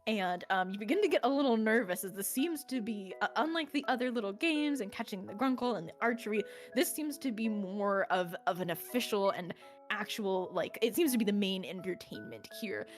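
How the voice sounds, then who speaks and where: A woman's voice: medium pitch, animated, a little fast. A woman running a tabletop fantasy game as game master, describing scenes at length with frequent "um"s and light laughs. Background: faint background music.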